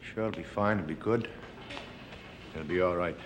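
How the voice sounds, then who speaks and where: A man's voice: low-pitched, normal speed, close to an everyday voice. An actor playing a nervous middle-aged expectant father in a 1960s TV sketch, repeating himself and laughing nervously. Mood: anxious. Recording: old TV broadcast, loud studio audience, noisy.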